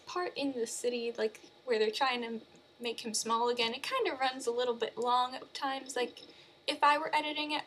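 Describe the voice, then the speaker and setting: A woman casually recapping a movie in a chatty, animated way. She uses lots of fillers and corrects herself as she goes. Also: high-pitched, slight background noise. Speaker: movie reviewer.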